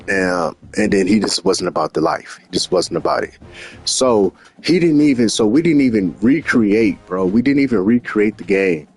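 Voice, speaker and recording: A man casually recapping his video game season, animated and profane, often repeating himself. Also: on the low side. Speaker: gaming channel host.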